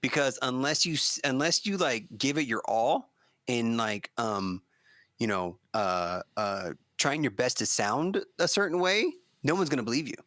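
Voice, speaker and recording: A man coaching metal vocals in casual chat, breaking off to demonstrate gritty growls and high screams, with frequent restarts. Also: measured pace, a bit bright, dry recording. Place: streaming setup, video call.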